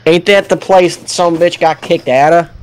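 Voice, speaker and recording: A man's voice: a little high, steady tone, moderate pace, smooth. A man improvising game role-play as a hot-tempered sidekick who talks crudely and swears often.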